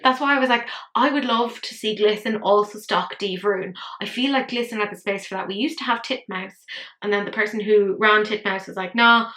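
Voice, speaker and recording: A woman talks through makeup releases in a bright, sharp voice, ranting and swearing with self-mocking exasperation. Her voice rings in a roomy, echoey space. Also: mid-range voice, brisk. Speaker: makeup commentary host. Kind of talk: casual ranting commentary. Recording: echoey room.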